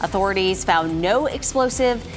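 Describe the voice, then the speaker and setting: A woman anchoring a local midday newscast, reading stories in a crisp, even delivery. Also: mid-range voice, moderate pace, long reverb tail, over music. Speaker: news anchor.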